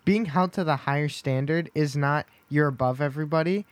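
A man's voice: a little high, fairly quick, clean tone, no room sound. A man co-hosting a podcast in casual chat, jokey and self-deprecating, often laughing. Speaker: podcast co-host.

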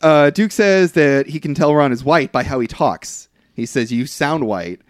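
His voice is a little high, animated and a little slow here, in a dry, clean studio recording. The casual film recap rambles on with frequent fillers and the occasional swear.

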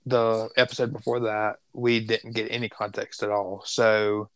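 A podcast co-host chatting casually in an easygoing, measured way. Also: medium pitch, flat delivery, fairly bright tone, no echo.

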